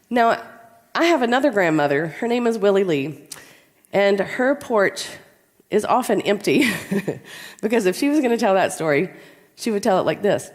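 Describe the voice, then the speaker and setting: A woman with a cold, giving a storytelling conference talk in an anecdotal, measured way with pauses. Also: a little high, expressive. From American South. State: has a cold. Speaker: conference speaker. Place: large conference hall. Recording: long reverb in a large hall.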